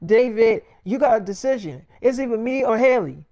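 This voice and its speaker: A man's voice: very high-pitched, expressive, a little mellow, muffled recording. A man voicing an angry, jealous young girlfriend who swears and confronts her boyfriend. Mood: angry, upset. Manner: profane, confrontational, rapid complaints.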